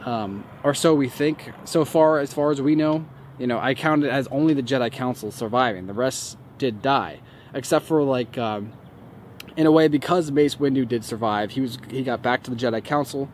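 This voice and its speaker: A man at medium pitch and normal speed hosts his own YouTube channel, talking casually to the camera as he answers viewer comments. He stands outdoors near a street, loose and rambling with many fillers, while faint traffic and street noise sit in the background.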